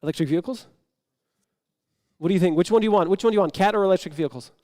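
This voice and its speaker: A man's voice: sits high, rapid-fire, a little mellow. A man telling an improvised comic story on a conference stage before an audience, acting out the dialogue and dropping into sudden whispers. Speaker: improv performer and speaker.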